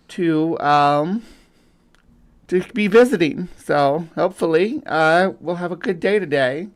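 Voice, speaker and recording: A man's voice: a little high, unhurried. Rambling man hosting a livestream. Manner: rambling, loose with fillers and restarts. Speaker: host. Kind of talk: casual livestream chat.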